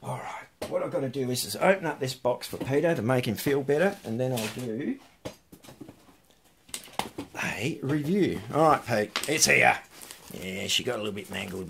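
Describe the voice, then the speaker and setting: A man's voice: medium pitch, big pitch swings, moderate pace, creaky, very noisy. A man chatting casually while unboxing parcels for his vlog, muttering asides to himself between remarks. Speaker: electronics hobbyist vlogger.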